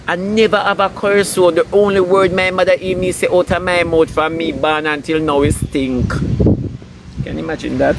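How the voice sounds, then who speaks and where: Jamaican guy going off, scolding and preachy, kinda high voice, loud traffic noise behind him. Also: steady tone, moderate pace. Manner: scolding, preachy, emphatic repetition. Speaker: entertainer ranting online. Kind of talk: ranting commentary.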